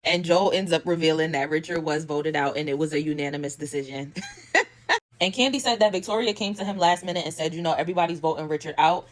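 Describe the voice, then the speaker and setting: Sassy, fast, lower-voiced woman for a casual TV recap. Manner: sassy, chatty, quick asides and laughs. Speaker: reality TV recapper.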